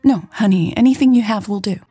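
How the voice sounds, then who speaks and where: A woman's voice: mid-range voice, a little fast, warm tone, slightly rough, no room sound, faint music behind, pitched above the performer's own voice, lightly acted. Woman voicing a chirpy old grandma. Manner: chirpy and blunt. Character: cheerful outspoken elderly grandmother.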